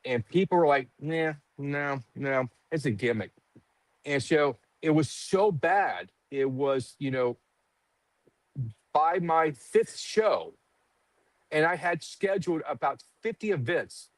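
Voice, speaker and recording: A man's voice: a little high, animated, slow pace, dry recording, rough recording. A middle-aged man in casual podcast chat, telling stories animatedly, acting out quotes and swearing freely. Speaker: cigar company guest.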